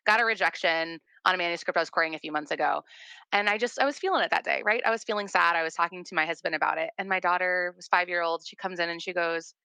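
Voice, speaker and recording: A woman in her thirties, a guest therapist, talking in an animated and earnest way, often repeating words. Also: on the low side, fast talker, creaky, clear, resonant tone, no room sound. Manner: animated storyteller, warm and earnest, repeats words as she talks. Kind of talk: casual conversation.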